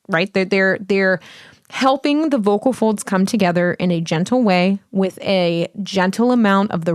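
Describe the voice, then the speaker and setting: A woman's voice: medium pitch, no echo, studio quality. A woman vocal coach explaining singing exercises in a casual, blunt, profane way, chatty and emphatic. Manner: emphatic, chatty with many fillers.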